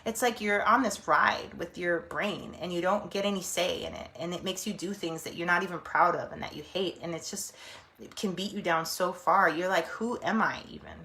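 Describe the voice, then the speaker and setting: A middle-aged woman therapist giving a casual teaching talk, animated, acting out inner voices and laughing often. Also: on the low side, moderate pace, creaky.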